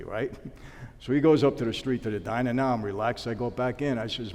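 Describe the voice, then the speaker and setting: A man's voice: mid-range voice, a little fast, in a large hall. A man telling stories in a sit-down interview, acting out the dialogue. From New York. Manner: animated storyteller acting out dialogue. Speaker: interview guest, former mobster.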